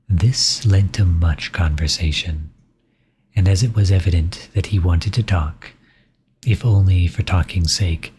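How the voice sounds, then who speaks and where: A man reading a classic novel aloud as an ASMR bedtime story, soft, slow and hushed. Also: low voice, a little hiss or hum.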